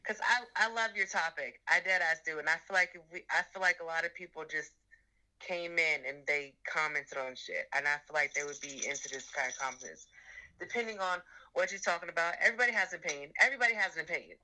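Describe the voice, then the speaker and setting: A woman's voice: low voice, quick pace, sharp tone, low-quality recording. An American woman in a casual chat who talks bluntly and uses plenty of slang. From United States.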